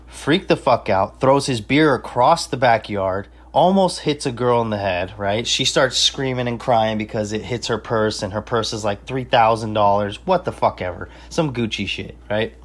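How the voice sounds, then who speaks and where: A young man telling a party story in casual chat, swearing freely and bragging, with street slang. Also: mid-range voice. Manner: profane, boastful, street slang. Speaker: podcast host telling a story.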